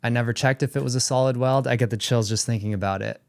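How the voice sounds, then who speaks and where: Lowish guy, smooth but a bit gravelly, slow reflective faith story. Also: fairly even intonation, darkish tone, dry recording. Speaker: podcast guest.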